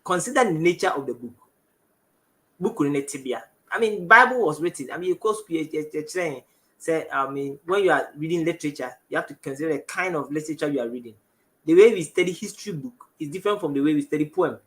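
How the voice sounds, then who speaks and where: Bright-voiced Ghanaian man teaching scripture. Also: fairly high pitch, animated. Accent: Ghanaian English. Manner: halting, self-correcting, reads verses aloud. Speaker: Bible teacher. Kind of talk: television Bible teaching. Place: television studio.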